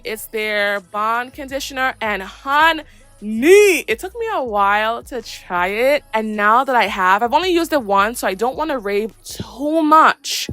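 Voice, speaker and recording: Chatty, sassy woman with a high voice. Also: sharp tone, dry recording. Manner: chatty, playful, sassy slang. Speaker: hair care vlogger. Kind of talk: casual voice-over tutorial.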